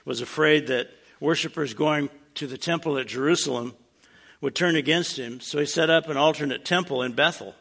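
A man preaching in a relaxed, conversational way, with a fairly high voice that is gravelly and bright. He keeps his teaching plainspoken and slips in dry, joking asides. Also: normal speed. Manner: casual and plainspoken with wry humorous asides. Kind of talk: conversational sermon.

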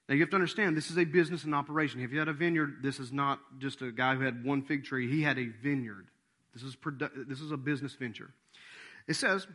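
A man preaching a sermon as pastor, animated, dropping to soft asides and jumping to loud acted-out quotes. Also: a little high, fairly quick.

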